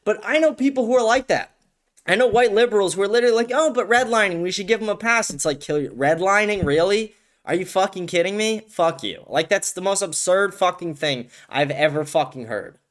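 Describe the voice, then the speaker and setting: A man's voice: high-pitched, expressive, fairly quick. A man hosting a solo commentary show, ranting heatedly with lots of swearing and stumbling restarts. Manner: heated, profane, repeats words when starting sentences. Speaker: show host.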